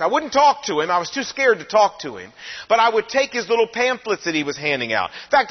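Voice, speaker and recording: An older man preaching a sermon, telling his own story in a conversational, animated way. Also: very high-pitched. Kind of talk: sermon testimony. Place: large church auditorium. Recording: long hall reverb, dull lo-fi sound.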